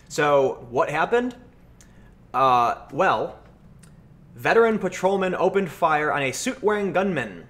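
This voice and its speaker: An American man hosting a livestream, answering chat questions and telling stories in a casual, animated way. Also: a little high, takes it slowly, vocal fry, pauses often. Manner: animated storytelling, acts out voices in anecdotes. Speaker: livestream host.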